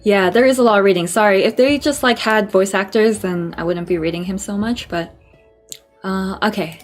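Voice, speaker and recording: Casual female streamer, mid pitch, chatty, faint game music behind. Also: normal speed. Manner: chatty, swears, laughs at herself. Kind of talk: casual gameplay commentary.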